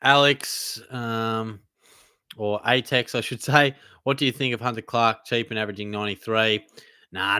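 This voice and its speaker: A man's voice: medium pitch, bright, forceful tone, clear, resonant tone, dry recording, clean studio sound. A young man in his twenties with an Australian accent, hosting a live Q&A and reading out chat questions in casual, laid-back banter. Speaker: host.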